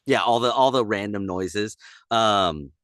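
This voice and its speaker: Animated male voice actor chatting. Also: lowish voice, measured pace, clear, resonant tone, dry recording, studio quality. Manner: animated, slips into character voices mid-story. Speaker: voice actor guest. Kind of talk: casual podcast chat.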